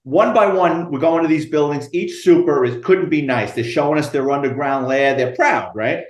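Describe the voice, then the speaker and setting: A retired police detective, telling profane, animated stories in an interview. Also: male voice, fairly high pitch, normal speed, echoey room. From United States. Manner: animated, profane storyteller acting out dialogue. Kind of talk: storytelling interview.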